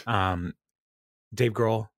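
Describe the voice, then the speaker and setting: A man with a fairly low voice hosts a casual podcast and retells a TV episode, laughing often and acting out the quoted lines. The sound is dry and close, with no room echo. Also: fairly even intonation, very slow. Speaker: podcast host. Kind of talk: casual chat recapping a TV episode.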